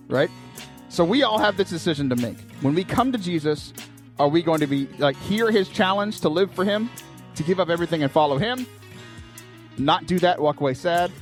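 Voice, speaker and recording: Brief: animated young male podcast host, higher-pitched, jokey, dry close sound. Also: moderate pace, no echo, faint music behind. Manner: animated, joking, laughs while telling stories. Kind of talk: casual comedic talk show.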